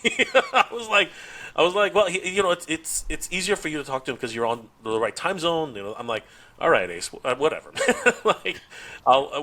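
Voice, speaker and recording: The speaker is a toy YouTuber on a podcast, talking fairly quickly in a fairly high-pitched voice. As he casually tells a story, he animatedly acts out what people said, laughs frequently, and restarts often.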